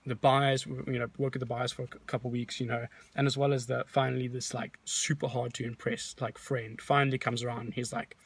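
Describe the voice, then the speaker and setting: A man's voice: mid-range voice, fairly quick, vocal fry, few pauses, breathy edge. A man, a real estate agent, casually tells a story in a vlog, rambling and restarting as he talks. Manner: animated, rambling retelling with many restarts.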